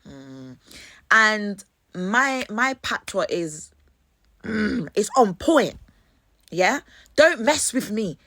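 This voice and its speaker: A Jamaican-born woman with a Jamaican London lilt, telling her own embarrassing stories with a bright edge and an unhurried pace. She swears freely and stays animated. The sound is close and dry. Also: medium pitch, no echo. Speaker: host. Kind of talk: storytelling monologue.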